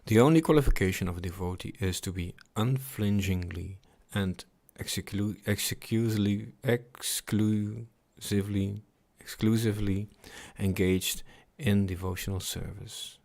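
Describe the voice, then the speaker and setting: A man with a very low, gravelly voice reads devotional scripture aloud at a slow pace. He stops often to reflect and repeats his words, as on a home livestream. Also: a little mellow. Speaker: scripture reader. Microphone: computer mic on a livestream.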